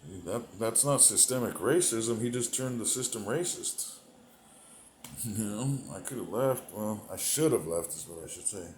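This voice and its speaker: A man delivering a rambling, profane comedic monologue, meandering between thoughts, laughing to himself, and swinging between loud bursts and mumbled asides. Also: on the low side, lively intonation, normal speed, reverberant, a little hiss or hum, low-quality recording. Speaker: comedic performer.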